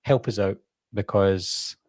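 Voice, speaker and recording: A man's voice: fairly low pitch, steady tone, takes it slowly, darkish tone, no echo, clean studio sound. A Welsh man co-hosting a casual podcast chat, easygoing and reading out viewer comments. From Wales. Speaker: co-host.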